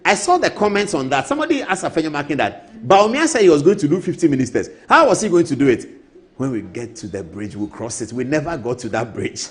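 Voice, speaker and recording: A Ghanaian man hosts a TV show from the studio in a loose, chatty way. His voice climbs and dips a lot and sits a little high. He slips into quick impressions of other people. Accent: Ghanaian English. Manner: animated, mimics others with a raised voice, laughs often. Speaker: TV show host. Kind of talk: casual studio commentary.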